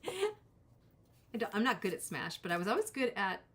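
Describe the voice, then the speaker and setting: A woman's voice: medium pitch, expressive, quick pace, noisy background. A woman hosting a live tarot reading, chatting casually with viewers and drifting into self-deprecating asides. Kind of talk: casual live-stream chat.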